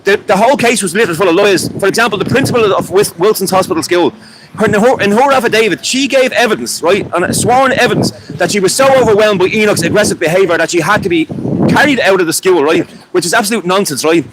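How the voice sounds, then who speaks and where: A man's voice: high voice, lively intonation, fast. An Irish man at a street protest, speaking angrily and in a rant, with many restarts and some swearing. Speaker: protester interviewed at a rally. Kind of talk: impassioned street interview. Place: outdoors at a street protest in rain and wind. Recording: loud outdoor wind and rain noise.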